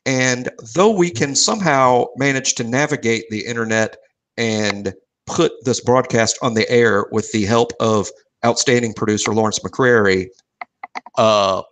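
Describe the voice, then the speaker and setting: A man's voice: medium pitch, slow, a bit bright. A man hosting a podcast, talking in a dry, wry, self-deprecating way. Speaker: podcast host. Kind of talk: casual chat.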